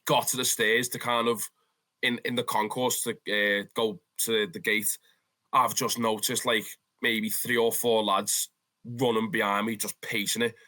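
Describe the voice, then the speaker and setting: A man's voice: on the low side, unhurried. A young man with a Liverpool accent, a podcast guest telling football stories casually, swearing and laughing as he goes. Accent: Liverpool (Scouse). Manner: animated, swears freely, says "lad" often, bursts into laughter. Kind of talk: casual storytelling.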